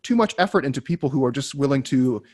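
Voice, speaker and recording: A man's voice: mid-range voice, lively intonation, quick pace, a little mellow. A man co-hosting a casual fitness podcast, blunt and emphatic, with frequent swearing. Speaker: podcast co-host.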